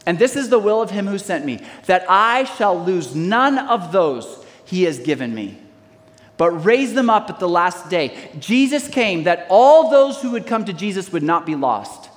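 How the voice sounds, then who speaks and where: A man's voice: sits high, big pitch swings, normal speed, in a large hall. A man preaching a sermon as pastor, reading scripture aloud and calling on the congregation to answer back. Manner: preaching with call-and-response to the congregation.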